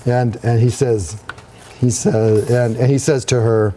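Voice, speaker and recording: A man narrating as game master in a live tabletop game, halting and restarting as he describes the scene. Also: mid-range voice, fairly even intonation, dark tone, a little hiss or hum. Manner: slow, halting, with many restarts.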